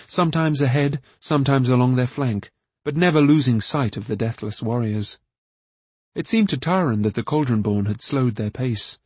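A man narrating an audiobook in a steady, measured storytelling voice with a husky tone. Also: mid-range voice, no echo.

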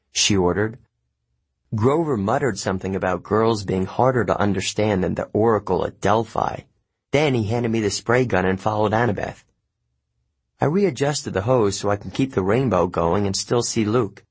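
A man narrating an audiobook in a steady, even storytelling manner. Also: on the low side, normal speed, slightly rough. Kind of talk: scripted narration.

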